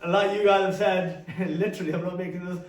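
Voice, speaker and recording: Young man, lively talk, echoey hall. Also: high-pitched, fast talker, distant mic. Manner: conversational, asks the audience questions. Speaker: speaker giving an Islamic youth talk. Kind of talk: interactive talk to a youth audience. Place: hall or classroom with a live audience. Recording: echoey room, speaker off-mic.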